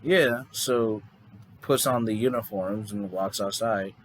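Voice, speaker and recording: A man's voice: on the low side, takes it slowly, poor audio. A man casually improvising a story, rambling loosely with lots of fillers and restarts. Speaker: fan storyteller.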